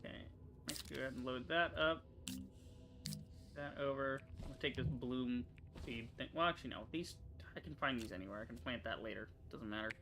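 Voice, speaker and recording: Against a noisy background, a young gaming streamer with a mid-range voice gives casual let's-play commentary. He mutters to himself, swears freely, and is quick to get frustrated when the game annoys him.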